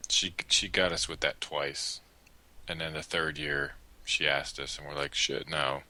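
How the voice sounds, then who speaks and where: A man co-hosting a casual podcast, teasing in a deadpan way and swearing freely. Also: very deep voice, unhurried. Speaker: podcast co-host. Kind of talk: casual banter.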